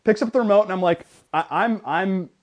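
A young man co-hosting a casual sports podcast, retelling a gym story in an animated way with lots of restarts. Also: sits high, a little fast. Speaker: podcast co-host.

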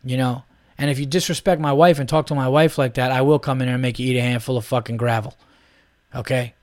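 A man's voice: mid-range voice, fairly even intonation, quick pace, dry recording, clean studio sound. A man in his thirties hosting a solo podcast, ranting in a heated, profane, rambling way. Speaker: podcast host.

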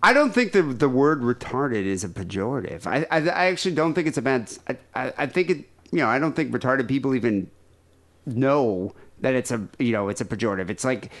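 A man's voice: medium pitch, lively intonation, fairly quick. A man co-hosting a comedy podcast, blunt and stammering, in casual chat. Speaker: podcast co-host.

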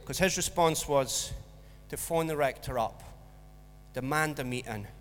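A man's voice: medium pitch, unhurried. A man preaching a sermon, telling a school story with acted-out voices. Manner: storytelling, animated, acts out voices in anecdotes. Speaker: pastor. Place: church hall. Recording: long church hall reverb.

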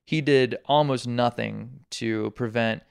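Sarcastic gravelly male podcast host. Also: mid-range voice, slow pace. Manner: sarcastic, animated commentary. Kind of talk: casual political chat.

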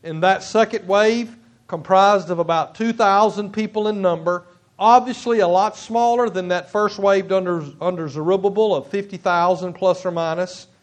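A man pastor preaching a sermon in a church, halting at times with restarts and repeating words for emphasis. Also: sits high, steady tone. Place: church sanctuary.

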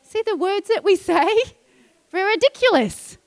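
A woman pastor preaching a sermon, emphatic and animated, dropping into quiet asides. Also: very high-pitched, unhurried.

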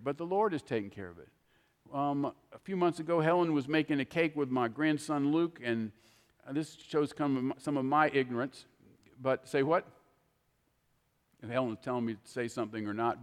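An older man preaching a sermon, telling folksy stories in an animated, heartfelt way. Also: medium pitch, big-room sound. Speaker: pastor.

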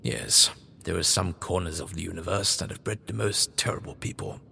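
A man voicing a scheming old male doctor with a smooth, persuasive way of talking, often hushed. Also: low-pitched, moderate pace, slight background noise, pitched below the performer's own voice, heavily acted. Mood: wistful. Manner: soft-spoken, coaxing. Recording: long reverb, faint music behind.

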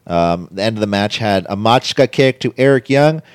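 A man co-hosting a casual chat, recapping a wrestling show in a rambling way with quick impressions. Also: on the low side, lively intonation, clean tone, dry recording, clean studio sound. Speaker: podcast co-host recapping wrestling.

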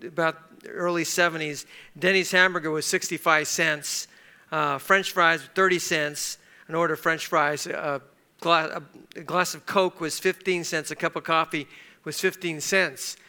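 A man's voice: fairly high pitch, fairly even intonation, unhurried, pushed and bright, clean tone. A middle-aged man preaching a sermon, telling a personal story in a conversational way, with fillers and restarts. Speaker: pastor.

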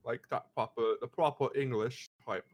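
A man's voice: mid-range voice, steady tone, moderate pace. A man co-hosting a casual chat, rambling and laughing as he talks. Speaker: podcast co-host.

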